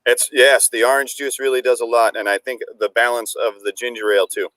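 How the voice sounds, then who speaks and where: A man's voice: mid-range voice, fairly even intonation, a little fast, fairly bright tone, dry recording. Easygoing New man mixing drinks. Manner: easygoing, hesitant fillers. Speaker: cocktail-making co-host. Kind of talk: casual chat, demonstrating a drink.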